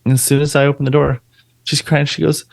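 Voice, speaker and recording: A man's voice: fairly high pitch, fast talker, creaky. A man in his thirties co-hosting a podcast, casually telling family stories and acting out quotes. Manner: animated storytelling with acted-out quotes. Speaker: podcast co-host. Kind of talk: casual chat.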